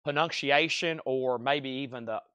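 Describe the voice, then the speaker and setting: A man running a live record sale stream, rattling off titles, buyers and prices in a brisk, upbeat patter, with a noticeable accent of his own. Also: medium pitch, bright, forceful tone, smooth, no room sound, lo-fi sound. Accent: regional accent he mentions himself. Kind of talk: live sales stream, reading out items and buyers.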